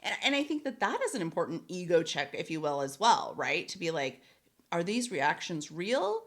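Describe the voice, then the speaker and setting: A woman co-hosting a podcast, chatting casually in a lively way, laughing often and swearing casually. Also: on the low side, normal speed. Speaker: podcast co-host. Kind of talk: casual chat.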